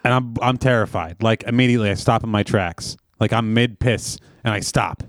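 A man's voice: on the low side, brisk, no echo, studio quality. A man co-hosting a casual comedy podcast, telling rambling, self-deprecating anecdotes. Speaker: podcast co-host.

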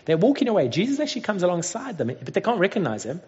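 A man in his thirties preaching a sermon, telling a family story with animated acted-out voices. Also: high-pitched, racing. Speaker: pastor. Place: Cape Town. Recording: dull sound with long hall reverb.

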